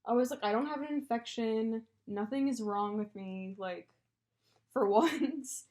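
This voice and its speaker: A woman co-hosting a casual podcast chat, telling an animated breakup story and swearing freely. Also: a little high, measured pace. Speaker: podcast co-host.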